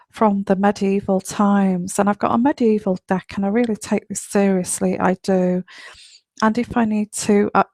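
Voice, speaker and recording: This tarot reader hosts her live online radio show from home late at night in a hushed, whispery, gravelly mid-range voice. She's chatty and wandering, full of fillers, and the recording is dry.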